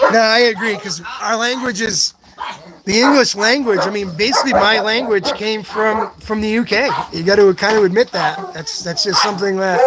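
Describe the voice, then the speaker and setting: A man with a voice that sits high hosts a live stream, rambling as he answers chat comments one at a time and thanking his viewers over and over in a casual, earnest manner. The recording is very noisy.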